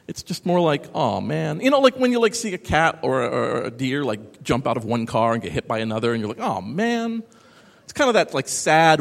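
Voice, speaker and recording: A man giving a live talk to an audience, animated and sarcastic, rambling through asides. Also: medium pitch, in a large hall. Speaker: conference speaker. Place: large hall with audience.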